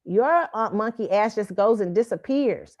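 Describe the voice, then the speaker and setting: In slightly dull lo-fi audio, the show host speaks with a mid-range, darkish voice, expressive and a little slow. She gives a ranting opinion commentary that is blunt, profane, and full of mockery.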